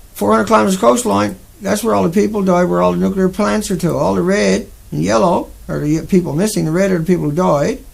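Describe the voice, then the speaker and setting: An agitated man hosts his own live stream. His voice sits high and is deeply gravelly and fry-laden. He circles back on his points and talks straight to his viewers. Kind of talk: casual live-stream rant.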